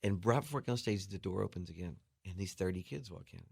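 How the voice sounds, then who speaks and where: Man telling a lively story, dry studio sound. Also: fast, gravelly, slightly rough, no room sound. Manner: acts out voices with big jumps in pitch and laughs. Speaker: guest musician telling a story. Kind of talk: animated storytelling. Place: radio studio.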